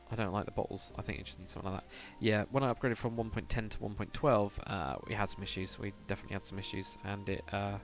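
Guy streaming a build, low-ish voice, mutters along, answers chat, quiet music underneath. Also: fairly even intonation, quick pace. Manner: rambling, thinks aloud, mutters to himself; reads out and answers viewer chat. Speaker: live streamer. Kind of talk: casual live stream chat while building in a game.

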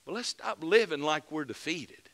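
A man preaching a fervent mid-week sermon as pastor, building to loud emphatic peaks and dropping back to earnest plain talk. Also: fairly high pitch, expressive, normal speed. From United States.

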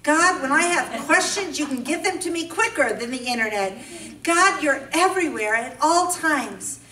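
A bright, high-voiced woman from California delivers a humorous sermon at a moderate pace as a speaker at a women's breakfast. She tells stories with animation, turning from playful to earnest. The recording, made in a church event hall, is echoey with a distant mic and faint ambience.

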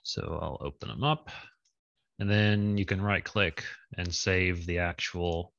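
A man's voice: sits low, steady tone, a little slow, creaky, fairly bright tone, dry recording, muffled recording. A man leading an online coding lab over a video call, casual and thinking aloud with many fillers. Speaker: lab instructor. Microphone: video call with screen share.

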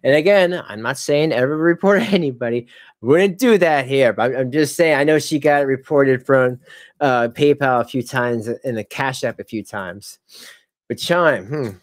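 A man's voice: medium pitch, moderate pace. A man hosting a live stream, commenting with many fillers and restarts and wry asides. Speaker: commentary channel host.

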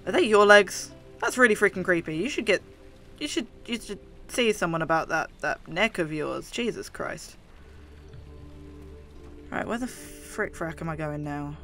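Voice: mid-range voice, lively intonation, normal speed, sharp tone, faint music behind. Jumpy London gamer with a lisp. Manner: jumpy, swearing, chatty. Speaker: gaming video host. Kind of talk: let's play commentary.

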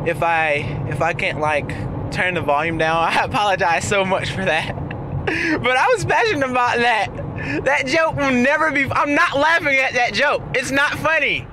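A young man in a casual vlog, talking and ranting from inside his car while he drives, laughing often and trailing off into fillers. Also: sits high. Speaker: vlogger. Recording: car and road noise behind voice. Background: road and traffic noise.

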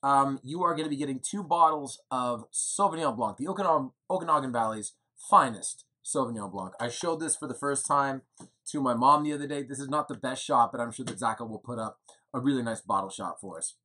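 A man's voice: medium pitch, a little fast, sharp tone, breathy edge. A man in his thirties giving a chatty, rambling video update from indoors, with fillers and self-deprecating jokes. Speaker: winery co-owner giving updates. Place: indoors at home in the evening.

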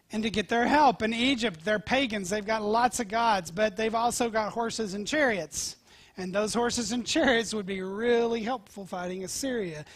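A male pastor preaching a sermon, telling scripture stories with animated swings from loud to whispered. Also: high-pitched, no echo. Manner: animated storytelling, dropping to near-whispers.

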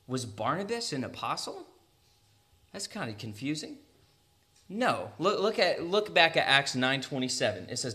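A young man with an American accent giving a conversational sermon, laughing often and making quick asides. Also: fairly high pitch, bright, forceful tone. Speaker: preacher.

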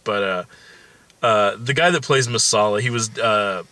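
Bright-voiced rambling male film reviewer. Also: lowish voice, moderate pace. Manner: rambling, filler-heavy, swears casually. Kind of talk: casual film review chat.

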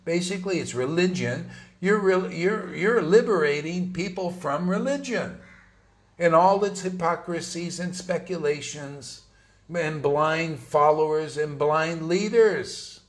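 A spiritual teacher delivers an informal, emphatic sermon to his followers, speaking conversationally with slangy asides. His voice is fairly high-pitched and unhurried.

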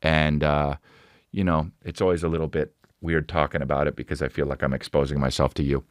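A man's voice: extremely low pitch, level tone, a little fast, dry recording, clean studio sound. A man in his forties hosting a podcast, telling stories in a rambling, profane way full of restarts. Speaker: podcast host. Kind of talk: casual storytelling monologue.

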